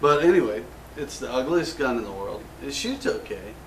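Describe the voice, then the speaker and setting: A man's voice: mid-range voice, sing-song, moderate pace, slight background noise. An American man hosting a casual gun show, joking and rambling in a self-mocking way. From United States. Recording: roomy echo from a distant mic.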